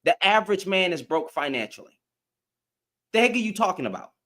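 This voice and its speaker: High-voiced man ranting at his live chat. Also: brisk. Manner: animated, confrontational, repeats lines for emphasis; addresses commenters directly, slangy. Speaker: live stream host.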